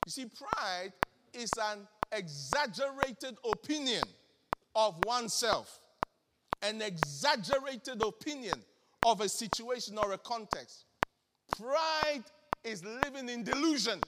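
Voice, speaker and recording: A high-pitched man preaches with insistent repetition, putting questions straight to the congregation. His voice rings with long reverb, as if in a large hall. Heavy noise sits under it throughout. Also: animated, takes it slowly. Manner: emphatic, repeats phrases for effect. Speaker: bishop preaching. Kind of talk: sermon.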